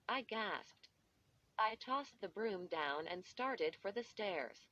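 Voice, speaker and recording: A woman reading a story aloud in first-person audiobook narration, steady and measured. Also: medium pitch. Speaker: audiobook reader. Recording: dull lo-fi recording.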